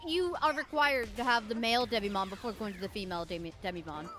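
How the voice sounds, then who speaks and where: A woman's voice: medium pitch, fast talker, a bit bright, faint music behind. A woman chatting on a stream, blunt and opinionated, swearing casually. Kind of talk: casual chat while gaming.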